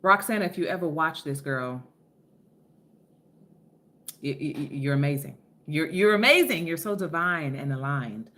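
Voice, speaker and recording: A woman from Philadelphia hosts a casual live stream, with a fairly low voice that swoops up and down a great deal. She is chatty and effusive, greets viewers by name and drops curse words without a care. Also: lively intonation, moderate pace, pauses often, a bit bright. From Philadelphia, USA. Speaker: livestream host.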